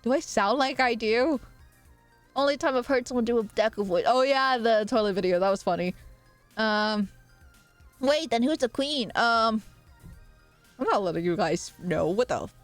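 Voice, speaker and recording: A woman's voice: a little high, animated, moderate pace, pauses often, no echo, soft background music. A young woman streaming live, chatting casually with viewers and reading their comments aloud, with a playful, teasing manner and frequent laughter.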